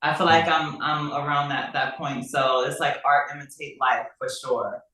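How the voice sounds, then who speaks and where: A woman's voice: sits low, fairly even intonation, moderate pace, bright, forceful tone. A woman actress answering interview questions in an earnest, reflective way. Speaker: actress guest. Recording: echoey room, far from the mic.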